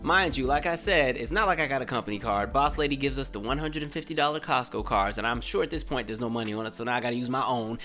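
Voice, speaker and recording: Speaking fast with few pauses, this twenty-something podcast host has a medium-pitched voice and soft music playing behind him. He tells his story casually and animatedly, voicing the characters' lines louder.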